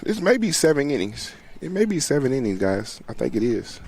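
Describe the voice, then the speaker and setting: Casting: a man, easygoing sideline softball commentator, chatty, talks straight to viewers and players. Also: mid-range voice, big pitch swings, a little fast, slightly rough. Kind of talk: casual play-by-play commentary. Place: outdoors at a softball game.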